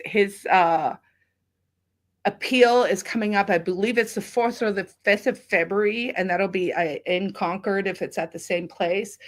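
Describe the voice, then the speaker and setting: A woman from South Africa, a guest on a podcast, talking in a chatty, emotional way, teary and tired. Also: medium pitch. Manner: chatty, emotional, laughs often. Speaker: guest, activist. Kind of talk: casual podcast chat.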